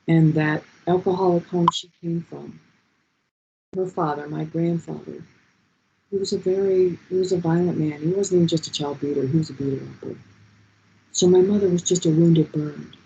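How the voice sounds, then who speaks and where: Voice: mid-range voice, creaky, warm tone, slightly rough, low-quality recording. An adult leading a group session in a heartfelt motivational talk, passionate and repeating key phrases, over a video call.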